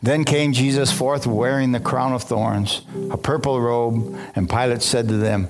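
A man's voice: medium pitch, steady tone, a little slow, few pauses. A man preaching a sermon, reading scripture aloud and breaking off into fervent commentary, often restarting his phrases. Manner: fervent, repeats and restarts phrases, asks the congregation. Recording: music playing behind.

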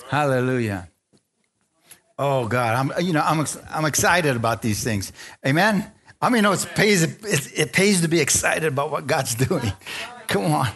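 A man's voice: on the high side, slightly rough. A man preaching a sermon, calling for amens and hallelujahs from his congregation. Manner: lively, call-and-response preaching with frequent amens. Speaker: pastor.

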